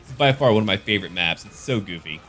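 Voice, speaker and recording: A man's voice: on the low side, lively intonation, quick pace, a bit bright, soft background music. A man giving casual, jokey commentary over a strategy game battle. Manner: goofy, jokey, slips into silly voices. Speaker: gaming YouTuber.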